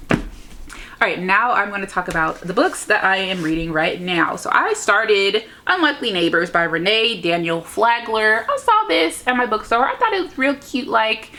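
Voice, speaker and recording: A woman's voice: medium pitch, creaky, pushed and bright. A young woman chatting casually on her book channel, gushing and rambling with lots of fillers. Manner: chatty, gushing, lots of "like" and "you know what I mean". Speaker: book vlogger. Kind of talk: casual book review chat.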